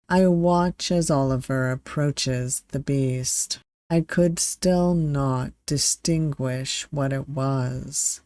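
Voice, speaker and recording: A game streamer reading a visual novel aloud, deliberate and measured, with the odd self-aware aside. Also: mid-range voice, darkish tone, no echo.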